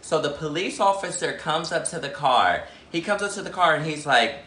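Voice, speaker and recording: A chatty man tells a storytime vlog with a bright, forceful voice. He fills his sentences with "like" as he retells the events, and the room around him echoes noticeably. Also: a little high, moderate pace, hardly any pauses. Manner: chatty, heavy "like" fillers, animated retelling. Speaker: YouTuber.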